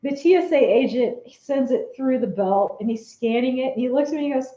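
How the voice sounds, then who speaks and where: A woman chats casually with her live viewers, animated and quick to laugh. Her voice is mellow and relaxed. The sound is roomy and a little dull, like a home studio on a modest mic. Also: sits high. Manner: chatty and animated, laughs often, reads viewer comments. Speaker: vlogger chatting with live viewers.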